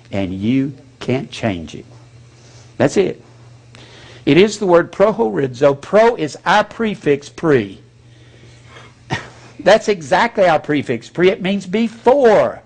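Guy preaching, blunt and folksy, voice a bit high and swings all over. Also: a little mellow. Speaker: pastor. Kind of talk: sermon.

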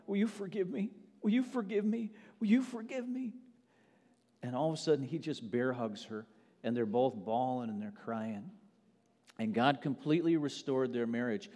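A male pastor preaching a sermon, telling a story in a hush and then building to loud preaching. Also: mid-range voice. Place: church sanctuary. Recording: long hall reverb.

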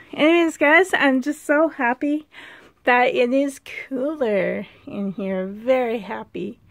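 A woman vlogging casually from a dim room at home, chatty and excitable, sometimes dropping to a whisper, filmed on a handheld camera. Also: fairly high pitch. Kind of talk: casual vlog chat.

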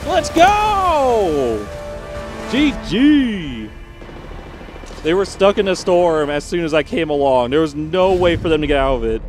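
A man giving live gameplay commentary as a gaming YouTuber, excitable, yelping and pleading under pressure and bragging to his viewers. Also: fairly high pitch, moderate pace, over music. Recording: game sound effects and gunfire behind.

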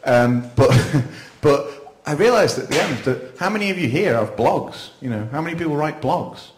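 A man's voice: on the high side, animated, moderate pace, background noise. A man speaking to a live audience at an event, chatty and self-deprecating, with frequent laughs. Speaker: panel speaker. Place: event venue, indoors. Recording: echoey room.

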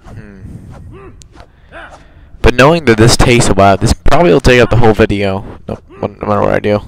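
Playing a video game, a young man comments casually in a fairly low voice with vocal fry and a quick pace, captured in low-quality audio. His let's play chatter rambles, and he keeps correcting himself.

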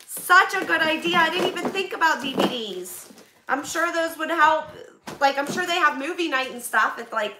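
A woman's voice: high voice, reverberant, background noise. A woman vlogger with a Western Pennsylvania accent, chatting casually and gushing as she opens donations. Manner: gushing, excitable. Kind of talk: casual live stream chat.

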